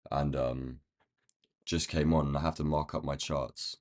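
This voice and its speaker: Male streamer, very deep voice gone croaky, loose live chart commentary, thinking out loud. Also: fairly even intonation, unhurried. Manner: thinking aloud while marking up charts. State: croaky, feeling rough. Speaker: day trading livestream host.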